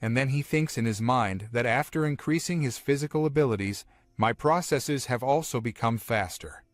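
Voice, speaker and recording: A man's voice: mid-range voice, normal speed, dry recording. A man steadily retelling a comic story as a scripted recap narrator, in plain, simple phrasing.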